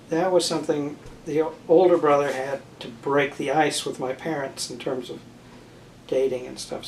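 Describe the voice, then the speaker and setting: An older man being interviewed about his family's views on marriage and children, speaking thoughtfully with frequent pauses, fillers and restarts. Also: mid-range voice, a little mellow. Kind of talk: oral history interview. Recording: roomy, distant mic with faint noise.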